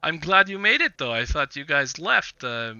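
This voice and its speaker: A man voicing a jovial, smooth-talking male caravan leader with hearty greetings. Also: fairly high pitch, very animated, normal speed, sharp tone, no echo, highs cut off, pitched above the performer's own voice, exaggerated voice. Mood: friendly.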